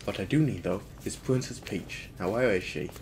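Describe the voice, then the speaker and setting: A man's voice: on the low side, normal speed, noisy background, natural voice. A man voicing a vain, smug monster king in a video game, speaking in a pompous, gloating way.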